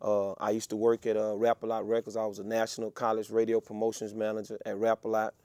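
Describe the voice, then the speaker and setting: Speaking fast in a smooth, lowish voice, this middle-aged man from Texas is an interview guest recounting a story. He's casual and animated, full of fillers and restarts, and the recording is dry.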